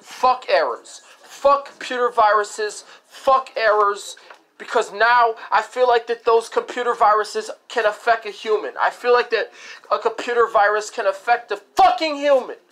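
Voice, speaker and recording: A woman's voice: on the high side, a bit bright. Profane ranting woman host. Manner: profane, repetitive, escalating frustration. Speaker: radio show host. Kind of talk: angry rant.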